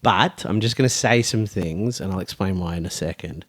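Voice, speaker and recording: A man's voice: low voice, normal speed. A young adult man co-hosting a podcast in casual chat, with dry, mock-serious teasing. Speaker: podcast co-host.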